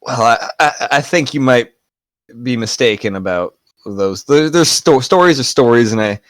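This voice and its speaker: A man's voice: mid-range voice, animated, moderate pace, dry recording, pitched above the performer's own voice, close to an everyday voice. A man voicing an evasive male magic user who plays down his gifts and stumbles over his words. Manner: stammering, deflecting.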